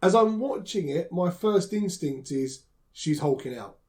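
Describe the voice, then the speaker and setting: A man co-hosts a casual podcast conversation. His voice is slightly higher than most men's, and he works through his points by giving everyday examples. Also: animated, unhurried, a little mellow. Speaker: podcast co-host. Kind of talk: casual chat.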